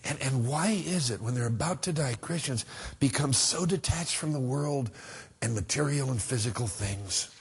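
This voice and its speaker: A middle-aged man preaching a sermon as a pastor, earnest and conversational, swinging between emphatic lines and hushed ones. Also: mid-range voice, expressive, moderate pace, creaky, husky.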